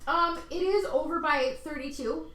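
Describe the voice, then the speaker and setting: A woman's voice: high voice, normal speed, fairly bright tone. A woman narrating a tabletop game as game master, hesitant and full of fillers, recorded in a roomy space from a distance. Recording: roomy room mic, far off, faint noise.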